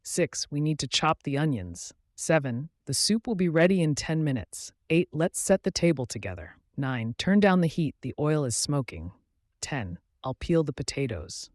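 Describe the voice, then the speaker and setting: A man reading numbered everyday phrases slowly and clearly for learners. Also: fairly high pitch, big pitch swings, dry recording, studio quality. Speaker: English teacher.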